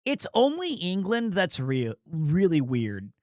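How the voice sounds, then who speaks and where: A man's voice: high-pitched, huge pitch swings, takes it slowly, no room sound, clean studio sound. A man streaming casual, joking sports commentary, rambling and crude with self-mocking asides. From United States.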